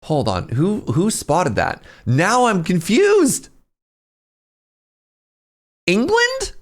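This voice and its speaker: A man's voice: fairly high pitch, huge pitch swings, slow pace. A male streamer chatting casually as he reacts to game trailers, laughing often and thinking aloud.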